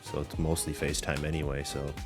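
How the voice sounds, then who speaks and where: A man with an extremely deep voice hosts a casual podcast chat. He tells a story in a loose, meandering way, full of "like" and "um" and frequent swearing. Faint music sits underneath his voice. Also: flat delivery, a little fast. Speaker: podcast host.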